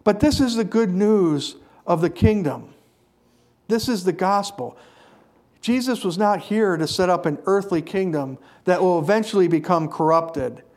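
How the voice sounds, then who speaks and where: A man delivers a sermon in a fairly high voice. He preaches earnestly and leans hard on repeated phrases to drive each point home. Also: animated, a little slow, a little mellow.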